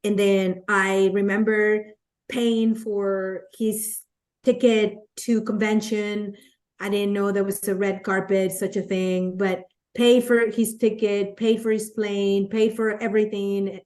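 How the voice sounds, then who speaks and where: A Latina woman who is a guest on a podcast, telling stories from her career in an animated way and acting out the quotes. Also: medium pitch, slow. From Latin America. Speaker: guest, network marketer. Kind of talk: conversational storytelling.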